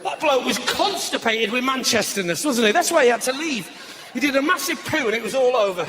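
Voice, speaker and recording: A man doing live stand-up comedy in a large venue, bantering with the crowd, mocking, and breaking into bursts of shouting. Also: very high voice, expressive, fairly quick, loud music behind the voice. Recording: live show with loud audience laughter.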